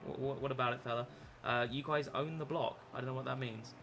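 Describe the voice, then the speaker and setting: A man's voice: medium pitch, fairly even intonation, fast, a bit bright. A young man chatting casually on a live stream while gaming, rambling with lots of fillers and restarts. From England.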